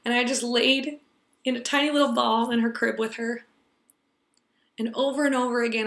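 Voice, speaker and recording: A young woman telling an earnest personal story to a class, tender and sometimes dropping to a hush. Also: fairly high pitch, fairly even intonation, normal speed, long pauses, reverberant. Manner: earnest, tender, drops to a hush for quiet moments.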